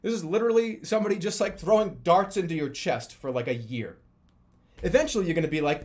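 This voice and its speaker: A man in his thirties streaming live, chatting casually in a rambling, profane, animated way. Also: high-pitched, fast. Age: 30s.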